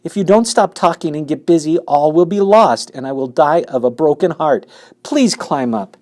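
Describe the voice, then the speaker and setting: A man's voice: mid-range voice, expressive, a little slow, darkish tone, pitched above the performer's own voice, close to an everyday voice. A man voicing a desperate, emotional young male pig who cries out and pleads. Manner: pleading, crying out.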